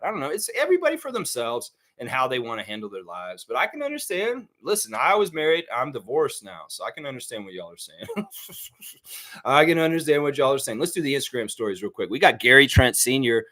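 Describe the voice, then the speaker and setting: A man's voice: medium pitch, a bit bright. A man hosting a live basketball fan stream, chatting casually as he reads viewer comments and laughs often. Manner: chatty, laughs often, sings snippets, many fillers. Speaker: sports livestream host.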